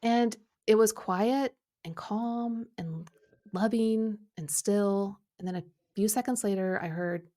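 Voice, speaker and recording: A middle-aged woman speaks as a coaching podcast host. She tells her story with animated energy, slipping into the voices of people she quotes. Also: mid-range voice, takes it slowly. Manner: animated, acts out quoted speech, filler-heavy. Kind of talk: coaching conversation, personal storytelling.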